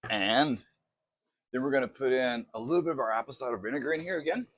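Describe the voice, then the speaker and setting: A man chatting through a casual cooking demo in his home kitchen, excitable and poking fun at himself. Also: mid-range voice, quick pace, no echo. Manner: chatty, excitable, self-mocking. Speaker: cooking vlogger.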